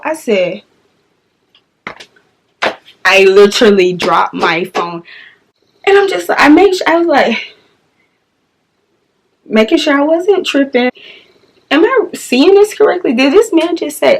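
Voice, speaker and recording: A woman's voice: sits high, sing-song, measured pace, long pauses. A young woman, telling a storytime vlog in a blunt, exasperated way and acting out the dialogue. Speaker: vlogger.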